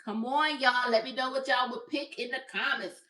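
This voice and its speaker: A woman's voice: high voice, fairly even intonation, normal speed, bright, forceful tone, roomy sound, recorded from a distance. A woman hosting a crochet livestream, chatting upbeat with her viewers. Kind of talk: casual livestream chat.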